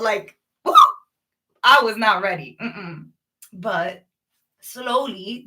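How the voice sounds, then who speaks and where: A woman vlogging a rambling, preachy spiritual monologue to her viewers, animated and addressing them directly. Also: on the high side, far from the mic, poor audio.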